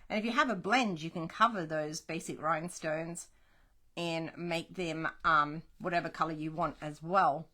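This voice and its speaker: A woman's voice: mid-range voice, a bit bright. A woman, middle-aged, giving a casual card-making tutorial, chatty and encouraging as she thinks aloud while she works.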